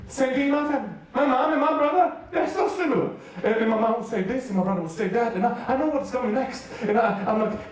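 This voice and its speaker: A man from Serbia with a Serbian accent, preaching a playful, joking sermon to a youth rally. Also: very high-pitched. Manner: playful storytelling with jokes and quick asides. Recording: very echoey hall, mic far off.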